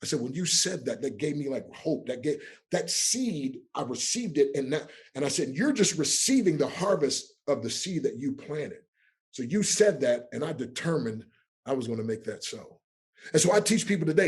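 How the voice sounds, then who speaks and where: A man, a podcast guest who coaches people, telling personal stories in an interview. He swings between hushed and emphatic and acts out the voices of people in his stories. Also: mid-range voice, lively intonation, moderate pace. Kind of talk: emotional storytelling in an interview.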